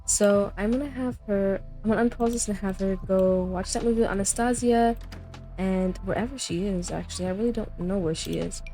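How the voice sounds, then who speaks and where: A young woman with a medium-pitched, mellow voice speaks briskly as a gameplay host, casually commenting on her life-sim game. Faint music plays behind her as she rambles chattily, narrating what her characters say.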